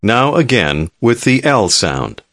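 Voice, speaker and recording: A man narrating a language lesson in a calm, measured, clearly enunciated scripted delivery. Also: mid-range voice, no room sound, studio quality.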